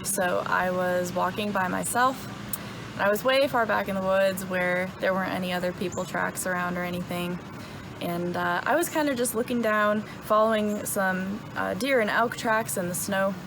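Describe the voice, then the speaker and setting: A young woman casually retelling a story, relaxed and dotted with ums and uhs. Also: mid-range voice, normal speed, background noise. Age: young adult. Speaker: hunter telling her story.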